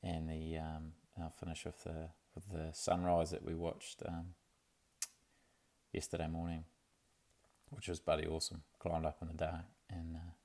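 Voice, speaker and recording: This is a young man, chatting to camera in a casual video diary. His voice sits very low and gravelly, with little rise and fall, and he rambles along easily with plenty of fillers. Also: completely flat delivery, normal speed, darkish tone. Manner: laid-back and rambling, with many fillers and restarts. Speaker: vlogger.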